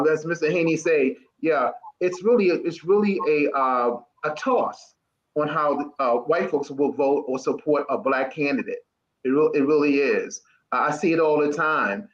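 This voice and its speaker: Halting folksy man, muffled sound. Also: fairly high pitch. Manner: halting, many fillers and restarts, folksy. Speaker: Democratic club member. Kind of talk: roundtable discussion. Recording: dull lo-fi sound.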